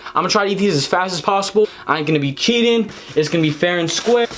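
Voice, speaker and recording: Excitable, profane young man, high animated voice. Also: quick pace, slight background noise. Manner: excitable, profane, loud yelps and exclamations. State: flustered and teary from spicy food. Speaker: challenge video creator. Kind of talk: casual on-camera commentary while eating. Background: background music.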